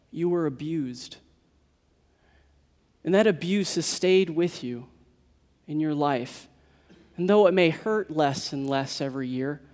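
A man's voice: fairly high pitch, a little mellow, big-room sound. A man preaching an earnest sermon that builds to emphatic declarations. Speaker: pastor.

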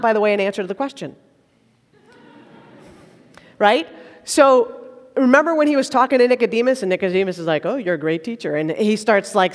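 A woman preaching a sermon in a church, praying and reading scripture with conversational, playful asides. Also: medium pitch. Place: church sanctuary. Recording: long reverb of a large church.

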